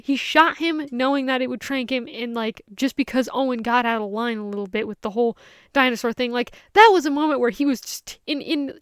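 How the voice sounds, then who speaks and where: A woman giving a casual, animated film review, ranting and acting out characters' lines as she goes. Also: high-pitched, no echo, studio quality. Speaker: movie reviewer.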